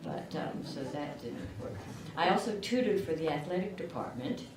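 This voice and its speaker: A woman's voice: low-pitched, animated, normal speed, a little mellow. An older woman from southern Illinois, with a rural southern Illinois accent, giving a chatty, self-deprecating acceptance speech at a podium mic. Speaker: award recipient. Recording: echoey room from far off, background noise.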